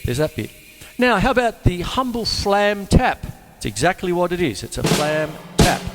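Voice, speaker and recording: A man teaching drums in a casual, jokey way, talking between demonstrations and breaking into sudden high exclamations. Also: expressive, normal speed, faint music behind. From Australia. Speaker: drum teacher and show host. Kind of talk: casual drum lesson with demonstrations. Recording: reverberant room with loud drumming behind.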